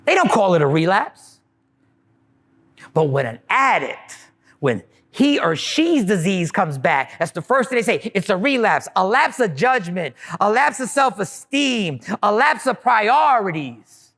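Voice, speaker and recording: Animated high-voiced man doing stand-up. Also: unhurried. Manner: animated, mocking voices of others. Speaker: comedian. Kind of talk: stand-up style monologue.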